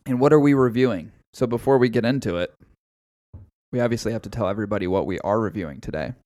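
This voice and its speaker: A man's voice: lowish voice, animated, fast talker, darkish tone, no room sound, studio quality. A man hosting a casual podcast, rambling and swearing freely and often breaking into laughter. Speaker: podcast host.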